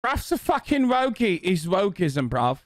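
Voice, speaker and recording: A man's voice: sits high, very animated, a little slow, no room sound, studio quality, pitched above the performer's own voice. A man voicing an angry older man, swearing indignantly about graphs. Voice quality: profane, indignant.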